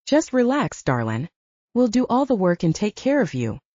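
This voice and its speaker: A woman's voice: fairly low pitch, big pitch swings, moderate pace, dark tone, dry recording, lo-fi sound. A woman reading an audiobook, voicing an adult man who speaks in a soothing, reassuring way. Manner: soothing, calling her darlin'.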